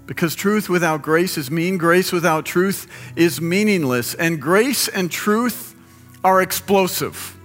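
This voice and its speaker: A middle-aged man, a pastor, preaching a sermon with passion that builds to near-shouting peaks, recorded live in a large hall. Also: high voice, slow. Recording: live sermon in a reverberant hall with music behind.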